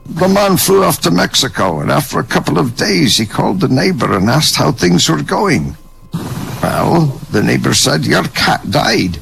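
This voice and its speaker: An older man doing stand-up, telling jokes in a wry, dry delivery with a gravelly voice. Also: on the high side, big pitch swings, normal speed, fairly bright tone, slight background noise, low-quality recording. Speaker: comedian. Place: online voice chat room.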